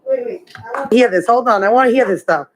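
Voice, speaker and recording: A woman's voice: fairly high pitch, fast, poor audio. Pressing, questioning woman at a meeting. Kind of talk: meeting discussion.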